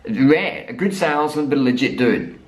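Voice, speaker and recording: A man's voice: medium pitch, normal speed, low-quality recording. Man, Australian accent, thirties, vlogger, profane, emphatic, storytelling. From South Australia. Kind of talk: motivational rant and storytelling.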